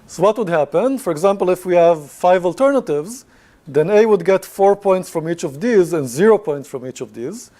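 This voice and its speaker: A man's voice: high voice, lively intonation, moderate pace, warm tone. A man giving a university lecture, talking to the class in a conversational way with many fillers and questions.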